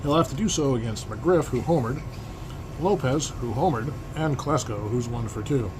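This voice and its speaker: With an air conditioner humming behind him, a man does broadcast-style play-by-play for a tabletop baseball replay, commenting on his dice rolls along the way. He speaks at a normal speed in a medium-pitched voice.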